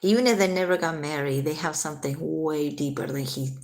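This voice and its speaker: A woman's voice: low voice, a little fast, darkish tone. A woman hosting a casual late-night livestream, chatting with viewers, answering their comments and swearing freely.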